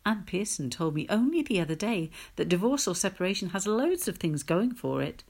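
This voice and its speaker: A woman reading a first-person story aloud in a wry, measured storytelling manner. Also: mid-range voice, big pitch swings, vocal fry, darkish tone. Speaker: reader. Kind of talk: audiobook narration.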